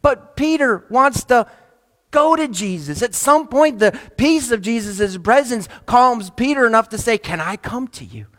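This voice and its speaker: A man preaching in a high, ringing voice. He climbs to loud, stressed phrases and then drops to near-hushed asides. The sound carries a long reverb, as if filling a large hall. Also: animated, unhurried. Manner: swings between loud emphatic lines and hushed, soft asides. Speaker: pastor. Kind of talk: sermon.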